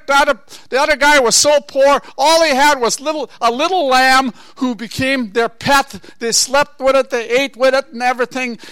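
Preaching a Bible story, this pastor weaves in asides and rhetorical questions, swinging between quiet murmurs and loud exhortation. The recording has no room sound.

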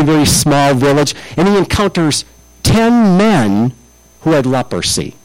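A man's voice: medium pitch, rough recording. A male pastor preaching a sermon, telling stories and often restarting and repeating words.

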